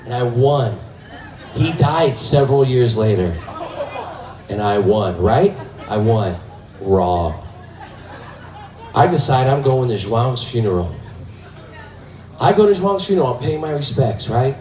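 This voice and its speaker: A man in his thirties performing a stand-up routine on a comedy club stage, telling stories in an animated way. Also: mid-range voice, moderate pace, long pauses. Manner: animated storytelling. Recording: echoey club from far off, faint crowd.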